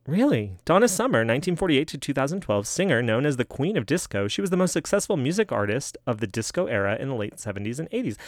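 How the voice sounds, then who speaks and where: Gravelly man musing aloud, dry sound. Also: mid-range voice, dry recording. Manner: chatty, self-deprecating, thinks aloud. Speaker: solo host reading aloud. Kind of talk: casual rambling commentary.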